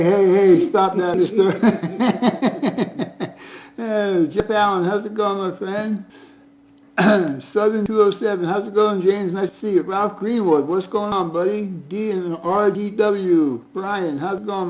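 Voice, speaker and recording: High-voiced man hosting a chatty livestream. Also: darkish tone, low-quality recording. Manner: greets viewers one by one, friendly and chatty with frequent chuckles. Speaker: livestream host. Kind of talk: casual live-stream chat. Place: at home.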